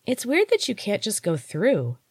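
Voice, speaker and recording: Lady putting on a little winged forest kid, higher voice, all nosy questions. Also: wildly swooping pitch, a little slow, breathy edge, dry recording, clean studio sound, exaggerated voice. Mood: curious. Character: small winged wood dweller child, curious then feral.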